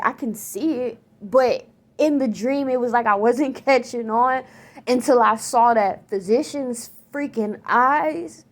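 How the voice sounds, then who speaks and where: A shaken woman with a fairly high voice talks straight to her viewers. Her telling is animated and slangy, full of fillers. It is a casual spiritual testimony about a dream. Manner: animated, excited, slangy storytelling with many fillers. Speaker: vlogger recounting a dream.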